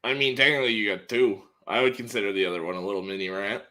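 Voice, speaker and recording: A man co-hosting a sports podcast, chatting casually with calm, brief replies. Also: fairly low pitch, very fast. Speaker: podcast co-host.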